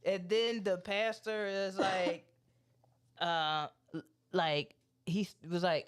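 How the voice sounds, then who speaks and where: Smooth-voiced man telling a wild story. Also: sits high, takes it slowly. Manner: loose, profane, animated storyteller who quotes people. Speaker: podcast co-host. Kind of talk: casual chat, storytelling.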